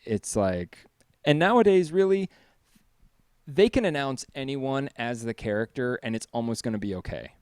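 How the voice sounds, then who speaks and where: Smooth-voiced man co-hosting casual chat. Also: medium pitch, normal speed, dry recording, clean studio sound. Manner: rambling, profane, animated retelling. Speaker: co-host.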